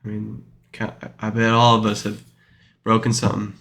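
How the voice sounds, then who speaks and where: In an informal Bible study, a man reads scripture and offers loose, rambling commentary, often using fillers and correcting himself. His fairly low voice is monotone, creaky, and a bit bright, delivered at normal speed.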